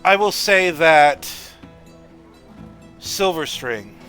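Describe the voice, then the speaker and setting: Relaxed game master narrating a tabletop scene. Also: male voice, on the high side, drawn-out words, faint music behind. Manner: loose, conversational narration with frequent restarts.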